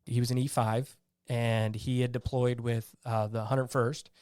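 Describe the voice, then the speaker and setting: Here the veteran guest speaks unhurriedly in a smooth, mid-range voice, recorded cleanly in a studio with no room sound. Casual and blunt, with a salty edge, he brings his stories to life by performing his own past lines and other people's words.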